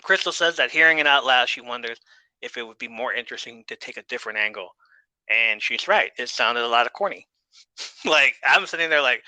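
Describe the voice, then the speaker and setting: Bright, dry-voiced man recapping casually. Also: mid-range voice, brisk, no echo, poor audio. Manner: joking, swears freely, laughs at the show. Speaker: podcast host.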